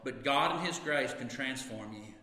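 Bright-voiced preacher in an echoey hall. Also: male voice, mid-range voice, moderate pace. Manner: earnest, conversational preaching with occasional laughs and asides. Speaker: pastor. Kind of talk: sermon. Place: church sanctuary. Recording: echoey hall with long reverb.

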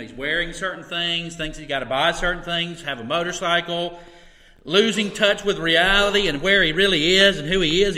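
Bright-voiced preacher in an echoey hall. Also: male voice, a little high. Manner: earnest, conversational preaching with occasional laughs and asides. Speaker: pastor. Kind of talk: sermon. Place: church sanctuary. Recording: echoey hall with long reverb.

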